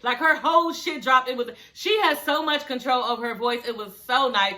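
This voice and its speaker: Sassy, bright-voiced woman reviewing a show. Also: sits high, moderate pace. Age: adult with a daughter. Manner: sassy, blunt, swears freely, sings snippets mockingly. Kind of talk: casual reaction commentary.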